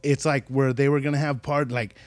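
A man's voice: medium pitch, brisk, no room sound. A man hosting a podcast, telling profane, slangy stories and acting out quotes in casual chat. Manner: slangy, profane, animated storytelling with acted quotes. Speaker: podcast host.

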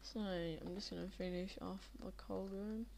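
A woman's voice: medium pitch, fairly even intonation, moderate pace, creaky, a little mellow, slight background noise. A tired young woman rambling casually over a game she is playing, drowsy, with many fillers. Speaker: Minecraft video maker. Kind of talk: casual gameplay commentary.

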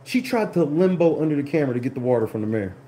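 Brief: stream host, swooping lively delivery, dark mellow tone, laughing and cussing through a story. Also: mid-range voice, racing, slight background noise. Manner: laughing, profane, indignant retelling. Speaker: livestream host. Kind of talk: animated casual storytelling.

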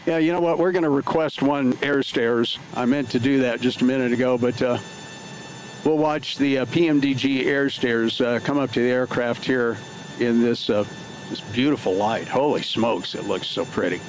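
A man's voice: medium pitch, fairly even intonation, moderate pace, slight background noise, poor audio. A man livestreaming from his home flight sim setup, talking casually through each step with lots of filler words. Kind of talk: casual live play-by-play narration.

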